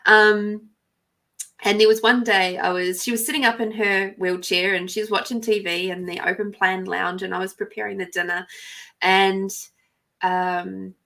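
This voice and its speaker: A woman with an Australian accent, hosting a podcast and telling a personal story in a soft, reflective way, sometimes dropping to near whispers. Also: medium pitch, vocal fry. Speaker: podcast host. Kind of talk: casual storytelling.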